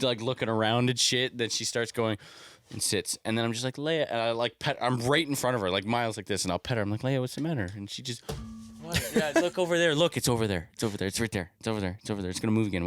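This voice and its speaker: A man's voice: fairly low pitch, fairly bright tone, no echo, clean studio sound. A young man co-hosting a podcast, telling stories in a laid-back way and swearing casually. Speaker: podcast co-host. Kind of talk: casual chat.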